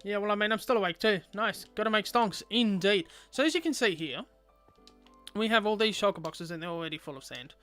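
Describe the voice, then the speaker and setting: A man's voice: high-pitched, a little fast, pushed and bright, faint music behind. A man streaming a game, chatting casually with viewers and rambling aloud with lots of fillers.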